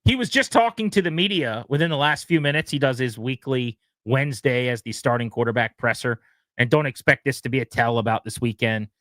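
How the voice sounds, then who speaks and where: A man hosting a sports radio show, talking in a casual, animated way and often mimicking other people. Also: medium pitch, fairly quick, no echo.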